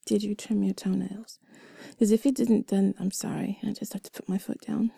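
A young woman murmurs a whispered role-play close to the mic, her breathy whisper carrying a gravelly edge. She is intimate and giggly and pokes fun at herself, and the sound is dry with no room around it. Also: medium pitch, fairly even intonation, moderate pace, warm tone, no echo. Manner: intimate, giggly and self-deprecating, mostly whispered. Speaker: audio role-play creator.

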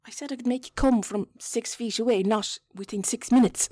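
Irish woman in a whispered role-play, husky breathy whisper, dry close sound, keeps giggling at herself and chatting. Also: on the high side, brisk, mellow, no echo. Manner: awkward, self-mocking, breaking off to chat.

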